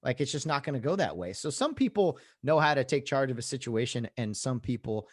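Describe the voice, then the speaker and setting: A man's voice: mid-range voice, big pitch swings, a little fast. Easygoing male podcast host. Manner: easygoing, laughs along often. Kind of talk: casual interview chat.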